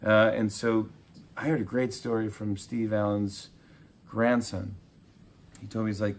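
A man in his forties, a talk show host being interviewed, telling animated stories and acting out quotes. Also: lowish voice, vocal fry, slight background noise. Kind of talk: casual interview chat.

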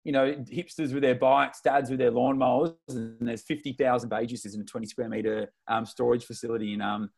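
A man in his twenties from Melbourne with an Australian accent, a podcast guest excitedly telling stories in slangy, casual talk. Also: mid-range voice, a little fast, creaky, few pauses, breathy edge. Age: 20s. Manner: excitable, slangy, tells stories with lots of retold dialogue. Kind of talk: casual interview storytelling.

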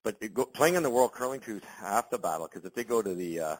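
Deep husky man rambling. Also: animated, quick pace, low-quality recording. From Canada. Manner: rambling, with many restarts and fillers. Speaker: curling analyst and former champion. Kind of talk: casual expert commentary in an interview.

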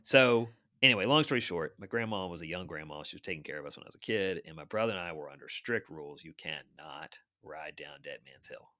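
A man in his fifties, an author guest, telling anecdotes in a chatty, animated way. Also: a bass voice, fast talker, few pauses. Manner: animated storyteller, chatty asides. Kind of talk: anecdotal storytelling.

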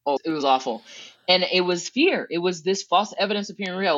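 A woman from Southern California, a guest in an interview, telling stories in a casual way. She acts out her own past thoughts with big jumps in pitch, swears lightly and laughs between thoughts. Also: a little fast, fairly bright tone, no room sound. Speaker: guest, educational consultant. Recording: dull, dry sound.

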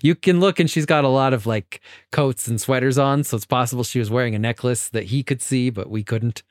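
A man's voice: medium pitch, a little fast, no echo. A man with a middling voice, recorded close and dry, banters on a podcast about a film. He rambles loosely, giggles often and keeps adding to the gag theory. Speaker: podcast co-host. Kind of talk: casual chat, joking movie analysis.

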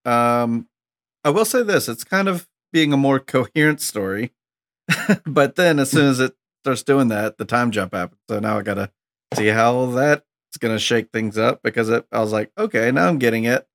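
A man's voice: mid-range voice, normal speed, a bit bright. A man co-hosting a casual movie podcast, chatting in an easygoing way. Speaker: podcast co-host.

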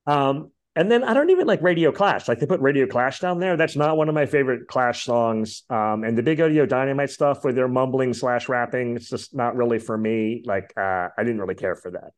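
A podcast host with a medium-pitched voice talks briskly, barely pausing. He chats casually about music, rambling along with lots of fillers and asides.

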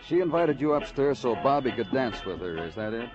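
A man's voice: medium pitch, very animated, a little fast, over music, lightly acted. An actor playing a hard-boiled male police detective in a 1950s radio drama, asking clipped, pressing questions. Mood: probing. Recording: dull old radio broadcast.

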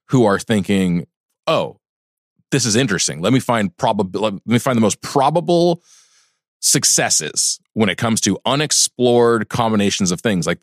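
A man's voice: on the low side, dry recording, clean studio sound. A man co-hosting a casual podcast, thoughtful and agreeable, adding many short backchannels. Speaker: podcast co-host. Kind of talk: casual chat. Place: studio.

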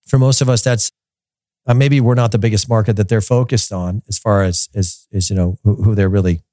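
Casting: man, lower voice, opinionated soccer podcast host, rambling delivery, dry close mic. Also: steady tone, brisk, warm tone, no room sound. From United States. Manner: rambling, opinionated, repeats words while thinking. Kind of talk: casual podcast commentary.

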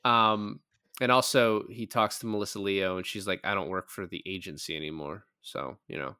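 Smooth-voiced man retelling movie scenes. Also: deep voice, steady tone, moderate pace, pushed and bright, no echo, clean studio sound. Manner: swears casually, retells scenes with quoted lines. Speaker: podcast co-host. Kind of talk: casual movie podcast chat.

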